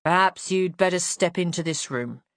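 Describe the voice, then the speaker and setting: A woman voicing a calm, probing police inspector. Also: on the low side, no echo. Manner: calm, measured, quietly skeptical. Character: polite, coolly accusatory male police inspector.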